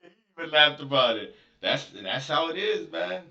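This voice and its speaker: A man's voice: on the high side, very animated, normal speed, gravelly, bright, forceful tone, reverberant, distant mic, highs cut off. A man hosting a reaction video, making amused remarks. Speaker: reaction host. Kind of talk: reaction commentary.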